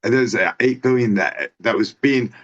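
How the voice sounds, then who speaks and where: A man's voice: mid-range voice, moderate pace. Rambling man on a dull lo-fi track. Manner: excitable, rambling, swears. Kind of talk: casual podcast chat. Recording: dull lo-fi sound.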